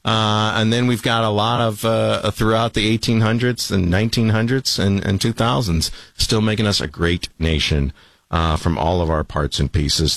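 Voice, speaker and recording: A man hosting a late-night call-in radio show as a fill-in, talking in a relaxed, conversational way that drops low at the ends of phrases. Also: normal speed, creaky, no room sound.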